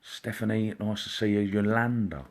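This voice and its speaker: A man, a psychic medium, hosting a casual live stream, chatty and greeting viewers by name, sometimes dropping into a quiet murmur. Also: on the low side, normal speed. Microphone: computer or phone mic, live stream.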